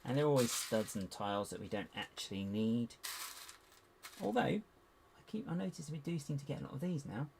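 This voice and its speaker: A man's voice: medium pitch, brisk, vocal fry. A man chatting casually on a live stream while he builds, muttering to himself as he hunts for parts and poking fun at himself. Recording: steady background hiss with clicks.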